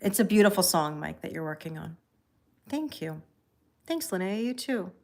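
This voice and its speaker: A woman hosting a tarot livestream in a calm, chatty way, reading viewer comments aloud and thanking people by name. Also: on the low side, normal speed. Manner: calm and relaxed. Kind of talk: casual livestream chat.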